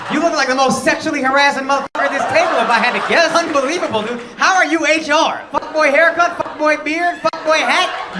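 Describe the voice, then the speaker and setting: Very high-pitched, this male comic works the crowd in a laughing comedy club, teasing people brashly and with profanity before riffing on his relationship. Crowd laughter and background noise fill the live club recording.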